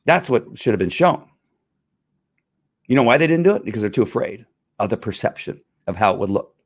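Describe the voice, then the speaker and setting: This time the ex-cop host speaks a little fast, his medium-pitched voice taking on a sing-song quality. He's still ranting casually on his livestream, frustrated and emphatic.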